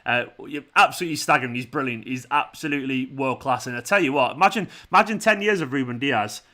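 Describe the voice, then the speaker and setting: Bright-voiced man chatting. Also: medium pitch, quick pace. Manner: chatty, reads out viewer comments, laughs a lot. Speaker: fan channel host. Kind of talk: live watchalong chat.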